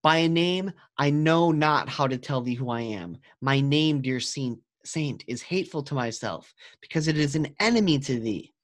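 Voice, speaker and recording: Lovestruck young nobleman, earnest, measured verse reading, a man reading it. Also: fairly high pitch, expressive, lightly acted.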